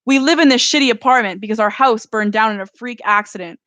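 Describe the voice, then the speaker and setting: A woman voicing an angry sixteen-year-old girl who argues with her mother, pleading and then shouting. The voice is close and dry. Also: fairly high pitch, fast talker, dry recording, natural voice. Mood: furious.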